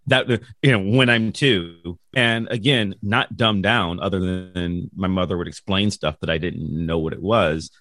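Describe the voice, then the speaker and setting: A man's voice: low-pitched, measured pace, hardly any pauses, a bit bright, no room sound, studio quality. A middle-aged man, a podcast guest, telling a childhood story in a rambling way, with lots of ums, restarts and laughs. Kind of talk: casual storytelling.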